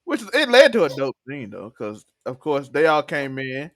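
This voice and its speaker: A man chats through a TV recap in a loose, laughing way, often acting out quotes. His voice sits fairly high and the recording is dry and close. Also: huge pitch swings, normal speed, no room sound. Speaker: podcast co-host. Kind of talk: casual TV recap chat.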